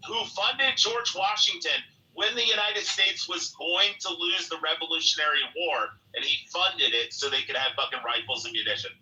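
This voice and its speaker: An aggressive, foul-mouthed man shouts insults in a heated debate. His voice is very bright and rather high, and it sounds a little distant from the mic. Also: normal speed, hardly any pauses.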